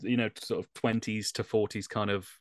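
A man appearing as a guest on a podcast, amused and chuckling, reflecting in a soft, unhurried way. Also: lowish voice, level tone, dry recording, studio quality. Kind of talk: casual podcast chat.

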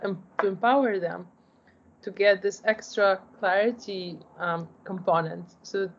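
Woman, founder type, explains stuff earnestly, lots of "like", kinda muffled audio. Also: medium pitch. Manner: earnest, explanatory, frequent "like" and restarts. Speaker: startup founder. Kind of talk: interview answers. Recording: dull lo-fi audio.

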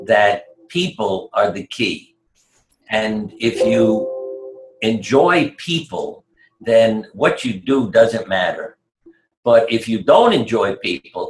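A man's voice: lowish voice, echoey room, rough recording. An older man, a retired surgeon, telling stories in an interview in a chatty, wry way, chuckling at his own anecdotes.

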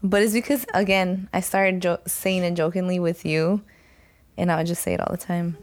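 A woman's voice: on the low side, little pitch movement, moderate pace. A young woman co-hosting a podcast, laid-back and slangy, talking casually with her friend. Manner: slangy, laid-back, says "dude" and "you feel me". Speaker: podcast co-host. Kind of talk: casual chat.

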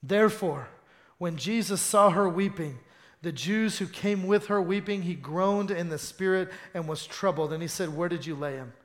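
A man preaching a sermon, reading scripture aloud and commenting on it, swinging from loud fervent passages to soft, low intimate ones. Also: moderate pace.

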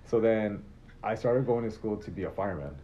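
A man talks at a quick clip through a casual storytelling interview. He swears freely and acts out the exchanges he recounts. The recording is dull and muffled. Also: fairly low pitch, lively intonation, slight background noise. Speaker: guest telling his career story as a chef.

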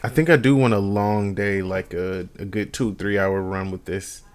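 A man's voice: low-pitched, steady tone, moderate pace, clean tone. A man co-hosting a podcast in casual chat, easygoing, with short replies. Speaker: podcast co-host.

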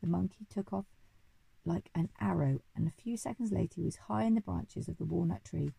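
A woman reading a children's story aloud in a measured, expressive way. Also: lowish voice, gravelly, slightly rough, no echo, poor audio.

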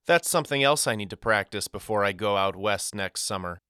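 A man voicing a gruff, dismissive boy in an audiobook. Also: lowish voice, expressive, a little fast, bright, forceful tone, no room sound, clean studio sound.

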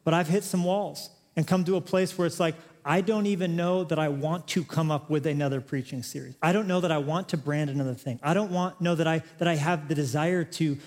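A man's voice: on the high side, steady tone, brisk, few pauses, darkish tone. Man preaching in an echoing church hall. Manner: conversational and humorous, building to emphatic exhortation. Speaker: pastor. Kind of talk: sermon. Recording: long reverb of a large hall.

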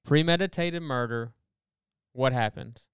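A man talks through a Bible passage in a casual, earnest way, building his point and rushing through asides. His voice is very smooth and clear, and the recording is dry and close. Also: medium pitch, no echo. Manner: earnest, explanatory, animated with quick asides. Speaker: podcast co-host. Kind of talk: casual Bible study discussion.

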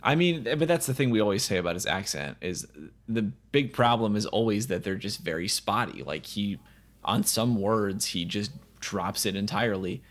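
Blunt swearing man, animated. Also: fairly low pitch, moderate pace. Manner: blunt, swears freely, jokey. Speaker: podcast co-host reviewing a movie. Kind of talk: casual chat.

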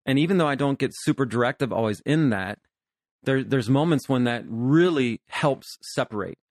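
A man's voice: mid-range voice, expressive, moderate pace, no echo, studio quality. A man in his fifties, a pastor and therapist hosting a podcast, talking earnestly about counseling couples. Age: 50s. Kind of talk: podcast conversation.

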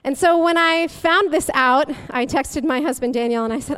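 A woman's voice: sits high, normal speed, hardly any pauses, a bit bright. A young woman giving a conversational sermon as a guest speaker, chatty and humorous, often breaking into laughter.

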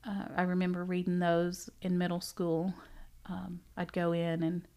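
A middle-aged woman, a bookstore owner, chatting casually as a podcast guest, animated and laughing often as she tells stories. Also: fairly low pitch, normal speed. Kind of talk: casual interview chat.

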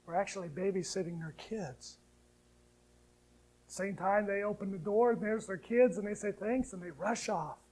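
A man preaching a sermon, moving from hushed, tender lines to loud, rising appeals and slowly reciting hymn verses. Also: high voice, low-quality recording. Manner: preaching with sharp swings between soft, hushed lines and loud, rising ones. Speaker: pastor.

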